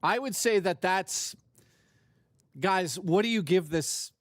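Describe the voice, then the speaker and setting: A man's voice: high-pitched, takes it slowly, fairly bright tone, dry recording, studio quality. A man casually chatting and joking on his live stream, loose and profane.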